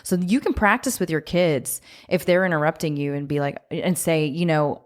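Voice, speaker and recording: A woman's voice: deep voice, moderate pace, hardly any pauses. A woman in her thirties co-hosting a podcast, speaking candidly and frankly in casual chat. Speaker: podcast co-host. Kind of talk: casual conversation.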